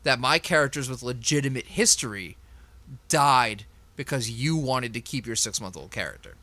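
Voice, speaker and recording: A man's voice: mid-range voice, lively intonation, moderate pace, pushed and bright, no echo. A man who runs a tabletop game, chatting with his group in an emphatic, reflective way and laughing often. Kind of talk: casual group chat.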